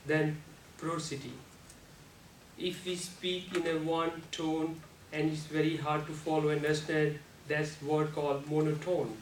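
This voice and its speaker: Speaking from across an echoey meeting room, a club speaker gives his prepared speech in a fairly high, level voice at a measured, unhurried pace. He uses non-native grammar and pauses to demonstrate pitch and volume with sudden bursts, while a faint hiss underlies the distant recording.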